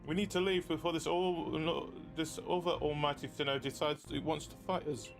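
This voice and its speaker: A man voicing a gruff male commander in a put-on Cockney accent, giving blunt orders. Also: a little high, fairly even intonation, moderate pace, over music, lightly acted. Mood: urgent.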